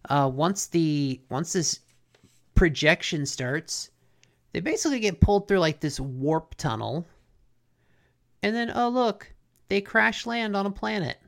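Co-host, casual episode recap, gravelly low-end fry, loose and chatty. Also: measured pace. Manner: relaxed recapping with frequent "like" and "basically". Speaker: podcast co-host.

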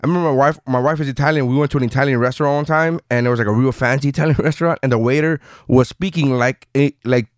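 Animated, foul-mouthed male podcast host. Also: mid-range voice, rapid-fire, hardly any pauses, no room sound, clean studio sound. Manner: animated, swears freely. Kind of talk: casual chat.

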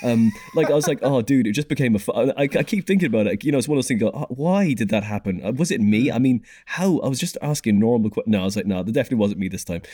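Brief: male podcast host, fast and animated, warm dark tone. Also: mid-range voice, dry recording. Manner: sweary, animated storytelling. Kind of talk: casual chat.

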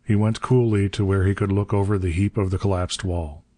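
A man reading an adventure story aloud as an audiobook narrator, steady and measured. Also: sits low, no echo.

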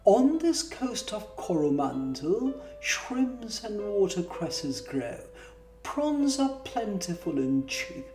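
A woman's voice: mid-range voice, big pitch swings, takes it slowly, pitched above the performer's own voice. A woman reading a lonely, lovelorn little male creature with a huge head, in a pleading sing-song verse voice. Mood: hopeful. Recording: roomy distant mic with guitar music.

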